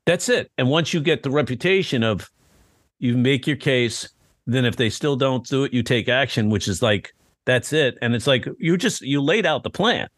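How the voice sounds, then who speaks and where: A man chatting on a podcast in a middle-pitched voice, rambling and padding his points with fillers. He slips into acted-out snippets of dialogue as he goes. The sound is dry and close. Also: lively intonation, moderate pace, fairly bright tone, no echo. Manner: rambling, filler-heavy, acts out quoted dialogue. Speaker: podcast co-host. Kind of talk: casual chat.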